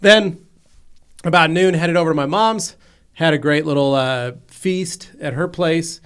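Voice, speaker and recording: Animated storyteller, man with a higher voice. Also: unhurried, clear, resonant tone. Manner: animated storyteller, acting out family members' voices. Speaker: podcast co-host. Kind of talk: casual studio chat. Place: podcast studio.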